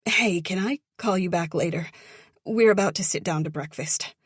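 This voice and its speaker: A woman's voice: fairly low pitch, normal speed, husky, dry recording, clean studio sound. A woman voicing a guilt-ridden young actress who sounds strained and fragile on a phone call.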